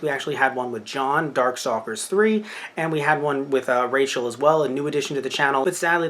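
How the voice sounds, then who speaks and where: A man's voice: on the high side, a bit bright. A man in his twenties hosting his channel, giving a casual, rambling update and often correcting himself mid-sentence. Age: 20s. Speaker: channel host.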